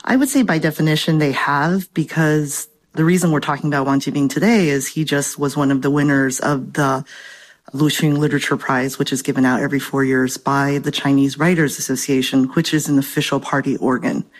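A woman's voice: a bass voice, steady tone, fairly quick. A woman professor answering interview questions in an articulate, academic way, slightly out of breath. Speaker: professor and guest expert.

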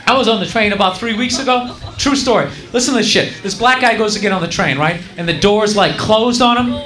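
A man's voice: sits high, a little fast, fairly bright tone. A man performing stand-up comedy, telling a rowdy, profane story from a comedy club stage. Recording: echoey club with crowd laughter and noise.

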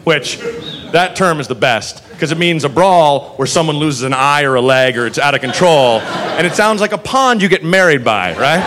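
A man telling a profane, animated story as a stand-up comedian, full of quick asides. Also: fairly high pitch, background noise.

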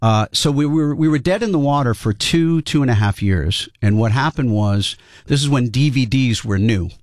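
Rhode island guy telling stories as a guest, middle pitch, dry close mic. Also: expressive, moderate pace, darkish tone, dry recording. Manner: chatty anecdotal storyteller. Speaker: guest, sitcom and cartoon writer. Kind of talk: casual interview storytelling.

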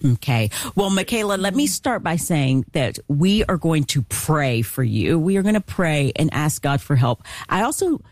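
A woman hosting a faith call-in radio show, speaking in a steady, pastoral way. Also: sits low, normal speed, few pauses, no echo. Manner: warm affirmations, steady and pastoral.

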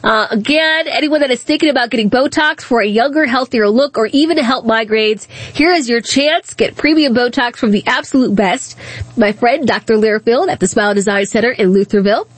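A chatty woman hosts a talk radio show, telling her listeners stories. Her voice sits a little high. The studio sound is dry and close. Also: brisk, dry recording. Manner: chatty, storytelling, laughs easily. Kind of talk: casual talk radio monologue. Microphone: studio microphone.

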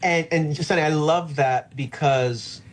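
A man's voice: fairly high pitch, unhurried. A man, a pastor, talking about faith in an earnest, reflective way in an interview. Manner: reflective, earnest, quotes scripture.

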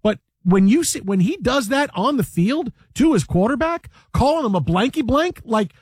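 A high-pitched man on a sports talk show, pressing his point hard and circling back to it again and again. His voice sits close and dry on the studio mic, with no room around it. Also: sing-song, normal speed, husky, dry recording. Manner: emphatic, repeats himself, mimics coaches yelling. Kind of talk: animated sports radio debate.

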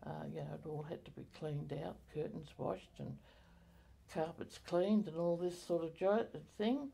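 An older woman recalling her community life in an oral history interview, halting with many fillers and self-corrections. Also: low voice, gravelly, warm tone, slightly rough.

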